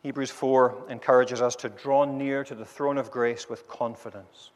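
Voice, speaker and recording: A man's voice: medium pitch, steady tone, moderate pace. Earnest male preacher in a reverberant hall. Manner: earnest preaching, varied volume, ends in prayer. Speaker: pastor. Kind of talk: sermon. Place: church. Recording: long reverb of a large hall.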